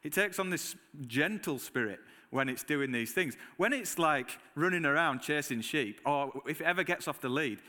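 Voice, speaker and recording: A man preaching a sermon, telling lively personal stories and acting out his own reactions, with a Northern English accent. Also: on the high side, normal speed, few pauses, big-room sound. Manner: animated storytelling, acts out his own reactions. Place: church hall.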